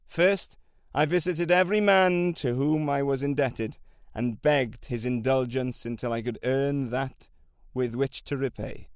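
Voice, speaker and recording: Voicing a resolute middle-aged camel trader and former slave, a male audiobook reader uses solemn, measured delivery and archaic phrasing. His voice runs on the high side and smooth, recorded studio-clean without echo.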